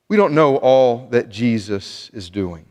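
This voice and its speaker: A man's voice: mid-range voice, a little mellow. A man preaching a sermon in a church, earnest, often restarting and repeating words as he speaks. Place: church sanctuary. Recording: long church reverb.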